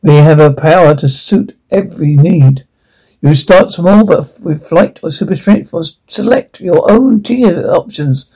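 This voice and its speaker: A grandiose, self-important doctor narrates his own legacy in a mellow, warm tone that sits a little high for a man. The delivery is scripted and boastful. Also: a little slow, breathy edge, poor audio. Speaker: narrator of a promotional film.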